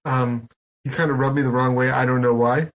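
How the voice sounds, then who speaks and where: A man on a podcast, telling a relaxed anecdote with lots of "like" and "um". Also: mid-range voice, a little fast, dull audio. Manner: easygoing anecdotes with filler and restarts. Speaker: podcast co-host. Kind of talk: casual podcast banter.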